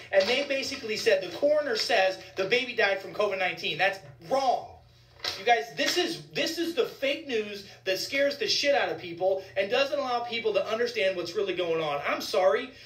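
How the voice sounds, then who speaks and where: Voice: medium pitch, a bit bright. Physician vlogger, fired-up rant, repeats for emphasis, distant mic, echoey room. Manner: indignant, ranting, repeats points for emphasis. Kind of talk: heated commentary vlog.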